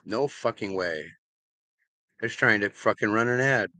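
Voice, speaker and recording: Loud, bright-voiced profane streamer man. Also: lowish voice, unhurried, no room sound. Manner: loud, profane, greeting chat by name. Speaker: livestreamer. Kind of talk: casual livestream chat with viewers.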